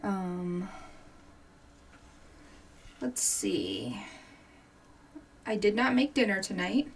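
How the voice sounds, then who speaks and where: A woman's voice: mid-range voice, big pitch swings, extremely slow, a little hiss or hum. A woman in her forties hosting a crafting livestream, chatting casually and giggling as she answers viewers' comments while she works. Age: 40s.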